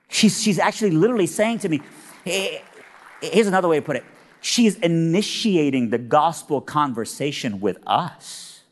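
High-voiced, animated male preacher. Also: moderate pace. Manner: animated, humorous storyteller. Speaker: guest speaker. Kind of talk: sermon storytelling. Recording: long reverb of a big hall.

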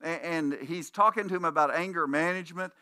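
A man delivers a conversational sermon as a pastor, telling stories and voicing the people in them. His voice is bright and a little higher than most men's. It sounds dry and close, with no room echo. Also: brisk. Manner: conversational preaching with anecdotes and restarts; puts on voices when quoting people in stories.

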